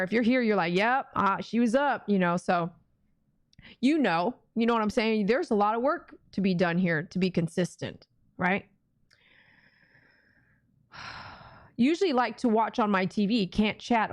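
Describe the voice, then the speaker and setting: A middle-aged woman with a Texan accent hosts a casual prayer livestream from home. She chats loosely with her viewers and acts out her own inner voice. Her voice sits at an ordinary pitch and sounds dry and close. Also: no room sound. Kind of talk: casual live-stream talk.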